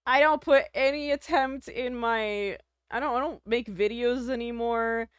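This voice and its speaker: A woman live-streamer with a slightly high voice talks casually to her chat. She jokes at her own expense, laughs a lot and swears freely. The sound is dry and close, with no room around it. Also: expressive, measured pace, clean tone, dry recording. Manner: self-deprecating, laughs often, swears casually.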